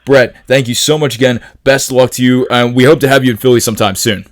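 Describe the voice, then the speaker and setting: A man's voice: medium pitch, steady tone, quick pace. Guy hosting an interview, friendly easygoing chat, does the plugs at the end. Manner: friendly, reads plugs at the close. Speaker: interview host. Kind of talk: casual interview.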